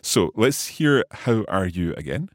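A man's voice: lowish voice, sing-song, a little slow, no room sound, clean studio sound. A middle-aged man hosting a language lesson podcast, curious and good-humoured, asking lots of questions. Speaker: podcast host and learner. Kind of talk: scripted language lesson chat.

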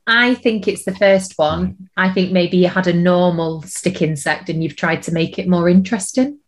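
A woman co-hosting a podcast in casual chat, dry and playful, thinking her guesses through out loud. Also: fairly low pitch, normal speed. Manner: dry, playful, reasons aloud. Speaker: podcast co-host.

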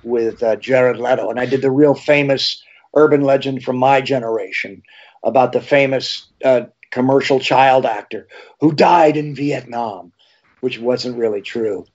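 A man, an actor and horror TV host, telling rambling animated anecdotes in a casual interview. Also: mid-range voice, unhurried. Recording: slightly dull lo-fi sound.

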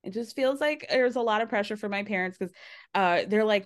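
A woman hosting a casual reality TV recap podcast, animated, laughing often and acting out cast members' lines in mocking voices. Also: fairly high pitch, brisk. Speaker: podcast host.

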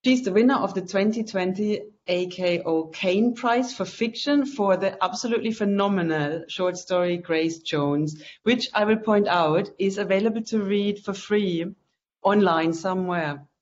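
An author hosting a relaxed online book event, talking loosely with lots of fillers. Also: mid-range voice, moderate pace, slight background noise. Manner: chatty, loose, with frequent fillers. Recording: dull lo-fi call audio.

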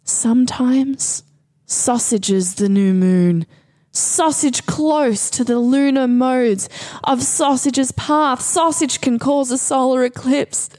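A solemn, mystical witch-goddess prophet, as a woman puts her on, intoning each phrase slowly and in a low hush. The sound is close and dry, with no room around it. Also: no room sound. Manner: slow, hushed, portentous reading.

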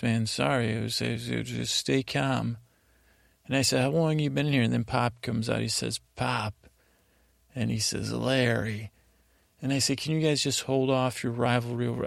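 Creaky, monotone man telling a bedtime story. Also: medium pitch, no room sound, clean studio sound. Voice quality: gravelly, creaky. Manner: meandering, halting, monotone delivery. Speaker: podcast host.

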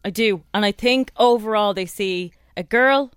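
A woman's voice: medium pitch, moderate pace, clear, resonant tone, no room sound, clean studio sound. A young woman with an Irish accent co-hosting a radio show, telling stories in a chatty, laid-back way. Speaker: radio co-host. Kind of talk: casual radio chat.

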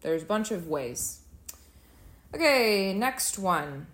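A woman's voice: mid-range voice, sing-song, slow pace, fairly bright tone. A woman co-hosting a casual chat podcast, opinionated and arguing her point. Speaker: podcast co-host. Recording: roomy echo.

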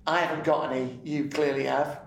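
Gravelly british man telling a story. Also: mid-range voice, brisk. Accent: British English. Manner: animated, laughs while telling, swears freely. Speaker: comedian guest. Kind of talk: casual anecdote telling. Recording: roomy and distant with faint noise.

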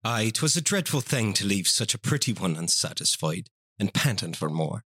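A man voicing a mischievous, mocking male leprechaun with a put-on old-fashioned Irish brogue and a husky voice. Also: fairly low pitch, very animated, normal speed, fairly bright tone, dry recording, clean studio sound, heavily acted. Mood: teasing.

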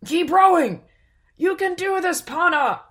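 A woman voicing a loving father who comforts his child gently. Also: on the low side, big pitch swings, normal speed, breathy edge. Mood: cheering. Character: loving father, warm and reassuring.

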